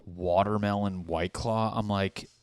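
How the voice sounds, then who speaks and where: A man in his thirties, fairly low-voiced, hosting a comedic solo podcast. He rambles through party scenarios and swears constantly. His voice sounds dry and close, with no room echo. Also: steady tone, a little slow. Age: 30s. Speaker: podcast host. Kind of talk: casual comedic monologue.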